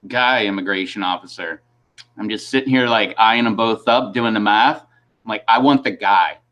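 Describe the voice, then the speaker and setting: Rambling man with a low voice. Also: fairly bright tone. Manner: rambling, laughs between sentences. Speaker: host of a livestream. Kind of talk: casual chat.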